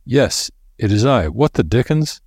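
A man reading aloud, voicing a stern doctor who gives calm, firm orders. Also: mid-range voice, unhurried, slightly rough, no echo, studio quality, pitched above the performer's own voice, heavily acted. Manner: stern, commanding. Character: stern, steady male doctor. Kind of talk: audiobook character voice.

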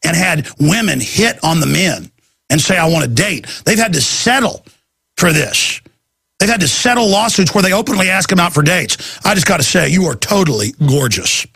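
Man, talk show host, rambling casual monologue, gravelly, raspy, sharp tense tone. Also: high voice, lively intonation, moderate pace, no echo, studio quality. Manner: rambling, with restarts and acted-out quotes.

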